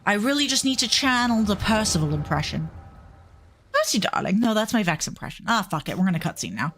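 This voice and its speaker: A woman's voice: mid-range voice, very animated, fast talker, a bit bright, slight background noise. A woman streamer giving wry, self-mocking gameplay commentary and swearing casually.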